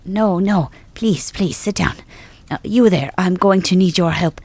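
A woman's voice: lowish voice, unhurried, a little mellow, no room sound. A woman voicing a kindly, fussy old male village healer in an ASMR role-play, polite and urgent as he tends his king. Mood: fussing.

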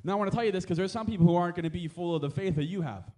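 A man's voice: high-pitched, very fast, dark tone. A man preaching a sermon as a pastor, talking in a conversational way with frequent amens and asides, and rising to emphatic exhortation.

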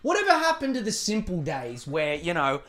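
A man's voice: high voice, wildly swooping pitch, moderate pace, a bit bright. A man hosting a solo podcast, joking, swearing freely and rambling through a rant. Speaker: podcast host.

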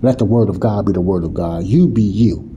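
A man preaches with a very dark, mellow voice, loose and conversational. He keeps checking in with his listeners and repeats his points. A faint hum sits behind him. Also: on the low side, fairly quick, muffled recording. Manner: repetitive, keeps asking "you see what I'm saying?"; conversational, folksy grammar. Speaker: Bible teacher. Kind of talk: informal sermon teaching.

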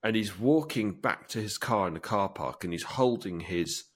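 A man's voice: fairly low pitch, expressive, normal speed. A man chatting casually as a podcast co-host, eagerly retelling a movie scene in detail. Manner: enthusiastic storytelling, acts out film lines. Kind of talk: casual chat.

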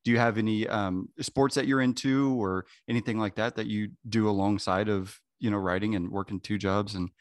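A man's voice: lowish voice, fairly even intonation, moderate pace, few pauses, no room sound. Easygoing male interviewer, dry sound. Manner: joking, easygoing. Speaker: interviewer, host. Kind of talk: casual interview chat.

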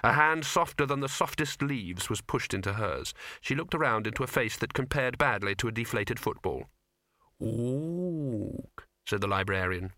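A man narrating a comic fantasy audiobook with expressive storytelling. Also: mid-range voice, a little fast, few pauses, dry recording, clean studio sound. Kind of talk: scripted narration.

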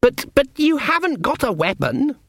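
A man voicing an earnest, fussy young male wizard who speaks high and eagerly in an audiobook. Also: very animated, moderate pace, gravelly, a bit bright, slightly rough, dry recording, studio quality, full character voice.

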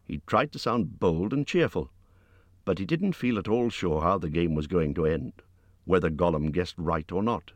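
Male audiobook narrator, very low voice with a lively delivery, recorded dry. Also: normal speed, dry recording. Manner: expressive reading, rising high for character lines. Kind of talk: scripted narration.

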